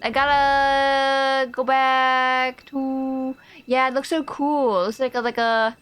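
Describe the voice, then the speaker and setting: A woman streaming a game, chatting casually, humming to herself and yelling at enemies. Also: a little high. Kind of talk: casual gameplay commentary.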